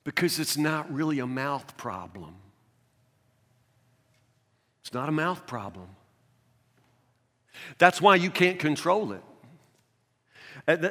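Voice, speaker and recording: A man preaching a sermon as a pastor in a conversational, animated way, recorded in a church sanctuary. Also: a little high. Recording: long reverb of a large church hall.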